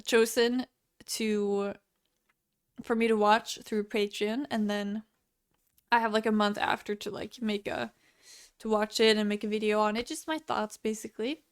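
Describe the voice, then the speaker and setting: Chatty woman with hiccups, clear voice. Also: medium pitch, little pitch movement, measured pace, long pauses. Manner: rambling, self-interrupting, laughing. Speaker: movie reviewer. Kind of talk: casual unscripted monologue.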